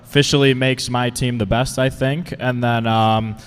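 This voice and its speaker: A man casually explaining his draft picks, relaxed and hesitant, with many fillers. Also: medium pitch, normal speed, smooth. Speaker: draft participant. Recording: long hall reverb.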